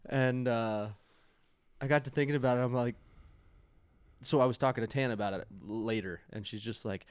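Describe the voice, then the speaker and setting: A man's voice: mid-range voice, steady tone, normal speed, clear, resonant tone, dry recording. A man casually telling a long prank story on a podcast, acting out the texts and calls he quotes. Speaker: podcast guest.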